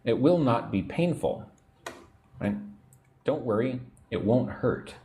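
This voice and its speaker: A man hosting an English lesson livestream, explaining words slowly, drilling pronunciation and reading viewer comments aloud. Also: mid-range voice, lively intonation, warm tone, slight background noise. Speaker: English teacher. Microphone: own microphone at a computer.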